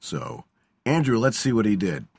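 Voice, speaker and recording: A man with a husky, low voice chats playfully as a show co-host, his pitch moving around a lot. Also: very animated, moderate pace, darkish tone, no room sound. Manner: playful, jokey. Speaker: podcast co-host. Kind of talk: casual chat.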